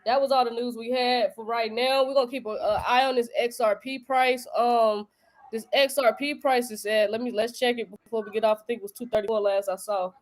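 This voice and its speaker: A woman's voice: a little high, fairly even intonation, fairly quick. A young woman from North Carolina with a local accent, hosting a casual crypto live stream in a joking, slangy way. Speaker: crypto show host.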